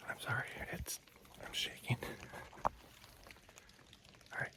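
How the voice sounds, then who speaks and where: A man with an Upper Midwest accent whispering excitedly from a tree stand in the woods, shaking from cold. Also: takes it slowly. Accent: Upper Midwest American. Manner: hushed, excited whisper with fillers. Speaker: hunter filming himself. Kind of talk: whispered hunting vlog. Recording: loud wind and rain noise outdoors.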